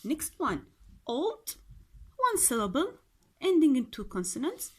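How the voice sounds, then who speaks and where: A woman's voice: high voice, wildly swooping pitch, measured pace, darkish tone. A woman teacher with an Arabic accent going through a grammar workbook, repeating each word and answering her own questions. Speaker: English teacher.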